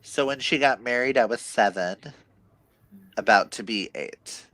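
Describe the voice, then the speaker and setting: A man's voice: medium pitch, measured pace, a bit bright, dry recording. A man in his thirties, a guest on a casual live chat, making teasing quips. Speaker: co-host guest.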